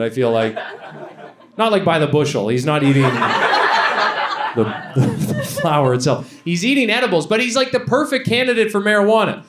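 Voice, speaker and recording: A man's voice: high-pitched, noisy background. A man from Canada performing a stand-up comedy set, rambling and self-deprecating, bursting into voices for the people in his stories. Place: comedy venue before a live audience. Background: audience laughter.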